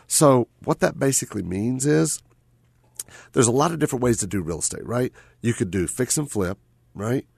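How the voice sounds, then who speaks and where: A man's voice: medium pitch, animated, moderate pace, creaky, slightly rough, no room sound. A man hosting a radio talk show, chatting casually and tagging his points with "right?" and repeated phrases.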